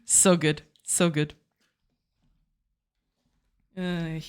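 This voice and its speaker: A woman's voice: low-pitched, flat delivery, very slow, clear, resonant tone. A woman streaming her game development live, chatting casually and laughing often, and repeating words as she searches for them. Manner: laughs often and reacts warmly to chat.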